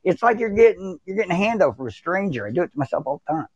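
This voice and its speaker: A man in his forties guests on a podcast, trading blunt, crude jokes. His voice sits high, and the sound is a little dull and muffled, dry with no room echo. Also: sing-song, racing, darkish tone. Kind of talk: casual chat.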